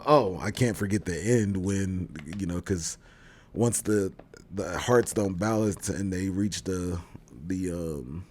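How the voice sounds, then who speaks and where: Male co-host, very low husky voice, rambling conversational retelling. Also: darkish tone. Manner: rambling retelling with many fillers and restarts. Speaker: podcast co-host reviewing a TV show. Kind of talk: casual chat.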